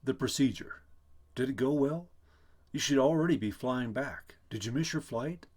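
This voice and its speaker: A man's voice: mid-range voice, normal speed, a little mellow, voice pushed up, natural voice. A man voicing an anxious middle-aged husband who pleads frantically on the phone. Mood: frantic.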